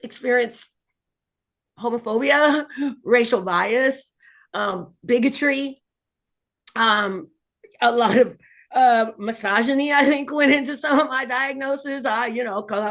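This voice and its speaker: A woman, a cancer survivor, telling her own story in an interview with emphatic, expressive delivery and frequent laughs. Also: fairly high pitch. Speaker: colorectal cancer survivor and patient advocate.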